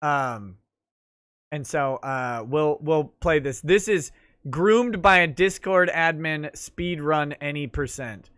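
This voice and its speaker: Male livestream host, wry and easygoing, fairly high, bright voice. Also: takes it slowly, clear, resonant tone. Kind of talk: casual livestream talk show.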